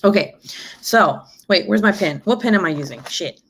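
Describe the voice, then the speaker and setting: A woman's voice: medium pitch, expressive, normal speed, a bit bright, breathy edge. A young adult woman telling a story on a casual live stream, blunt and profane, breaking into laughter often. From Mexican heritage. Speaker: vlogger.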